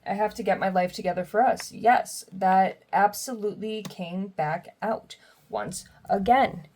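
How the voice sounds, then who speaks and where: A young woman giving a casual tarot reading, chatty and quick to laugh as she reads the card messages aloud. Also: medium pitch, a little mellow. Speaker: tarot reader.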